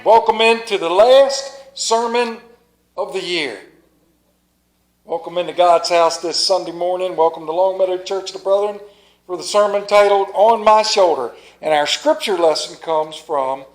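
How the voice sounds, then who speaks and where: Male pastor, folksy preacher, slightly high-pitched, at a church service. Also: unhurried, low-quality recording. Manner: folksy storytelling, earnest prayer. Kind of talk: sermon.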